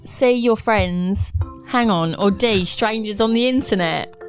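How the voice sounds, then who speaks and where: A woman's voice: mid-range voice, measured pace, faint music behind. A woman, co-hosting a podcast in casual chat and telling stories about her kids. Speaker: podcast co-host.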